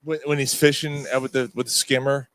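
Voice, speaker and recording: A man with a medium-pitched voice, talking a little fast, co-hosts a casual, crude sports podcast in a bar or pub studio. His stories are animated, full of swearing and acted-out screams.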